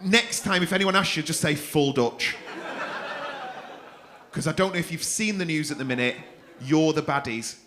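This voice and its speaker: A man's voice: a little high, moderate pace, pauses often, background noise. A man hosting a comedy club night, swearing freely and teasing audience members. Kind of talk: stand-up crowd work.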